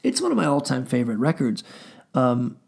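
Gravelly middle-aged guy, musician, rambling loose storytelling, lots of ums. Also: medium pitch, big pitch swings, a little fast, darkish tone. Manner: rambling, frequent fillers and swearing. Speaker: musician telling stories. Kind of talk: casual storytelling.

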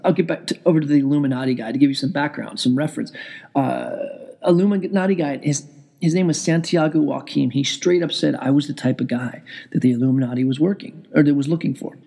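A man with a gravelly, husky voice tells a story in a loose, rambling way. His tone is dark and mellow, and he swears freely and pokes fun at himself. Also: on the high side. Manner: rambling, profane, self-deprecating. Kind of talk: casual storytelling vlog. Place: indoors at home with TV on.

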